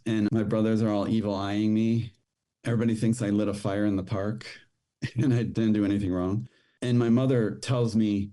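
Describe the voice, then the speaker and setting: A middle-aged man, a podcast guest, telling a personal story in a rushed, halting way with many restarts. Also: lowish voice, mellow.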